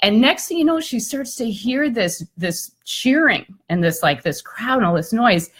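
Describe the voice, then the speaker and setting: A woman speaker and coach telling a story in a lively, conversational way on a live video chat, often using "like" and "I mean". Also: on the high side, moderate pace, slightly rough.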